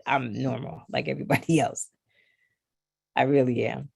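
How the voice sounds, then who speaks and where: Middle-aged woman, low and gravelly, animated storyteller, casual podcast guest. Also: moderate pace, no echo, clean studio sound. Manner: animated storyteller who acts out others' lines. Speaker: podcast guest, knitting designer. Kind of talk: casual conversation.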